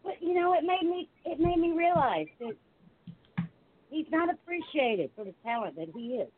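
Flirty Southern woman manager, fairly high voice, thin phone-like sound. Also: lively intonation, normal speed. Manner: flirty, playful. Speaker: wrestling manager guest. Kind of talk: casual interview.

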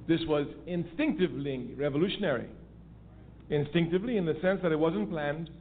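A man giving an emphatic political lecture, repeating key phrases for stress. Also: on the high side. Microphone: phone line. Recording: tinny phone-line audio with faint noise.

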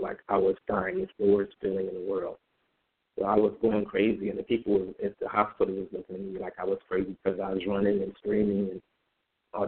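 A man telling his personal story in a halting, conversational way, with many fillers and repeated words. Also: on the low side, gravelly, breathy edge. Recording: phone-like narrow band.

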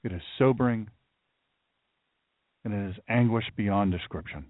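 A man's voice: on the low side, normal speed, no echo. A man hosting a talk radio show, speaking in a solemn, emphatic way and repeating phrases for weight. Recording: dry, narrow phone-like sound.

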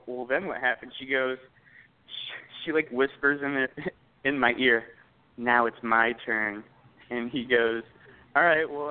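Young male podcast co-host, loose rambling storyteller, medium pitch, lo-fi phone-like audio. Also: clean tone. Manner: rambling, lots of "like" and swearing. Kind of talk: casual storytelling chat. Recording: tinny phone-like sound.

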